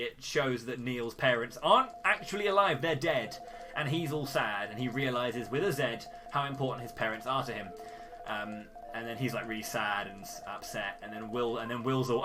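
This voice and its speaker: A man commenting playfully and jokily on his own live game speedrun. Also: medium pitch. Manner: jokey, playful, theatrical.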